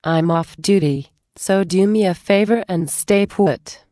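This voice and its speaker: A woman's voice: mid-range voice, a little slow, mellow, dry recording, clean studio sound, close to an everyday voice. Woman voicing a commanding female guard captain. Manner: crisp, authoritative.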